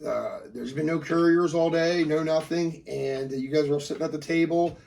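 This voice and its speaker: A man runs a tabletop game as game master, rambling through his narration with fillers and restarts. His voice sits fairly high and has a gravelly texture. He sounds a bit off-mic, with faint background noise. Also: moderate pace, a little mellow, distant mic.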